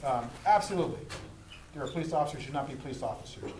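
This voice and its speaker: A man's voice: mid-range voice, rapid-fire. A man, a police lieutenant, explaining citizen complaints to a group and acting out street encounters. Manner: animated, acts out street scenes. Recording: echoey room, faint noise.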